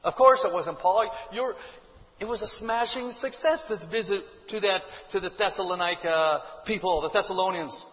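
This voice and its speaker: High-voiced man preaching in a reverberant hall. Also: normal speed. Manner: conversational preaching with rhetorical questions. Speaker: pastor. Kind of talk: sermon. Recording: dull audio with long hall reverb.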